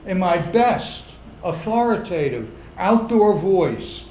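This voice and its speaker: A middle-aged man with a fairly high voice tells a funny true story live, unhurried and drawn out, then swells into loud indignant bursts. His voice carries the echo of a roomy pub, with a faint hum of the crowd's ambience behind it. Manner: comic, builds to loud indignant outbursts. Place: pub stage before a live audience.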